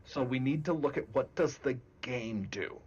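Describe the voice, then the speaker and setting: Husky-voiced man, deliberate and emphatic. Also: mid-range voice, animated, a little mellow, lo-fi sound. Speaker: game master guest. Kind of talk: casual discussion.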